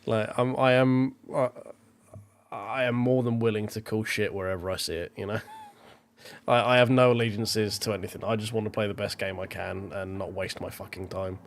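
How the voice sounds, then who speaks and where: A man's voice: on the low side, fairly even intonation, moderate pace, slight background noise. A millennial man, ranting bluntly and swearing freely in casual stream chat. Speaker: sim racing streamer.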